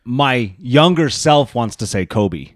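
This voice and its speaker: A man in his thirties co-hosting a podcast in casual chat, animated and joking, swearing freely. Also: medium pitch, takes it slowly, no room sound, clean studio sound. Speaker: podcast co-host.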